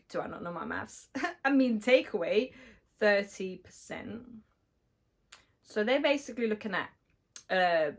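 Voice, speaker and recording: Slightly hoarse woman at a medium pitch, a tradesperson talking through details in a chatty vlog. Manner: chatty, many fillers, explains step by step. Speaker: electrician. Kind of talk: casual explanatory vlog.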